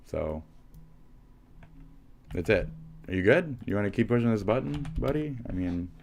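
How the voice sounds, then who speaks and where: A man's voice: fairly low pitch, big pitch swings, normal speed, gravelly, darkish tone, slight background noise. A man streaming live, delivering a profane, rambling, combative rant at his viewers. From United States.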